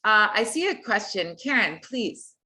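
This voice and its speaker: A woman's voice: medium pitch, very animated, unhurried, bright, forceful tone. A woman teaching an online group singing lesson, friendly and encouraging in a casual way.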